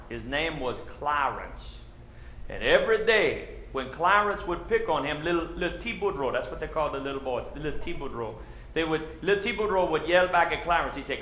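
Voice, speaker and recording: A man's voice: fairly high pitch, fairly bright tone, echoey room, slight background noise. Folksy Cajun storyteller man. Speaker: comedian. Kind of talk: live stand-up storytelling.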